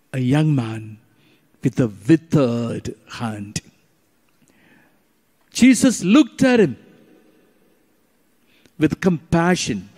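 A middle-aged man, a priest, preaching slowly and emphatically during Eucharistic adoration, with long pauses between phrases. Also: medium pitch, dark tone. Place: church or retreat chapel. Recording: long hall reverb.

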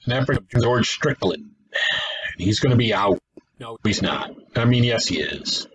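A man's voice: fairly low pitch, animated, measured pace, fairly bright tone, slight background noise, low-quality recording. A man giving casual play-by-play commentary on a simulated baseball game, thinking aloud, correcting himself and adding wry asides. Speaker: gaming channel host.

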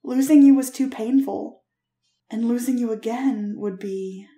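A woman's voice: a little high, unhurried, mellow, roomy sound, lightly acted. A woman reading Marinette, a wry young woman. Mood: anxious.

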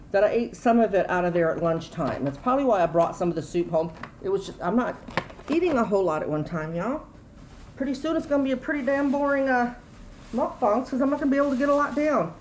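A woman's voice: on the high side, a little mellow, slight background noise, low-quality recording. A middle-aged woman, chatting casually and rambling through a grocery haul at home. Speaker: YouTube vlogger.

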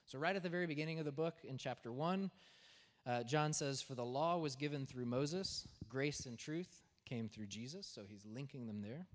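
A man's voice: mid-range voice, moderate pace. A man preaching a sermon as pastor, talking in a conversational way and often checking in with "right?". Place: church sanctuary. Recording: long church reverb.

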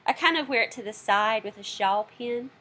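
A woman's voice: a little high, moderate pace, pushed and bright. A woman hosting her knitting video podcast from home, chatty and self-deprecating. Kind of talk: casual video podcast chat.

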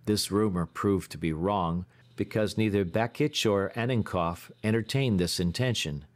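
A man reading an audiobook in a measured, even storytelling manner. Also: deep voice. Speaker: audiobook narrator. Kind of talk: scripted audiobook narration.

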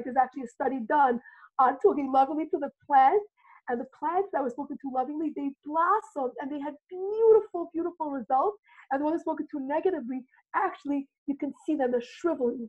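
A high-pitched woman talks eagerly about loving yourself, her voice thin and boxy like it's coming down a phone line. She tells her stories with energy and slips into the voices of the people she quotes. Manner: excited, animated, acts out quoted dialogue. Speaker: self-love coach, guest. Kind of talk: enthusiastic motivational storytelling. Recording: phone-like narrow audio.

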